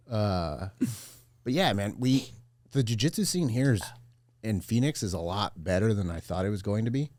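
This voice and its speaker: A man chatting casually as a podcast guest, laid-back and quick to laugh. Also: fairly low pitch, expressive, a little mellow, no echo. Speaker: podcast guest, jiu-jitsu black belt.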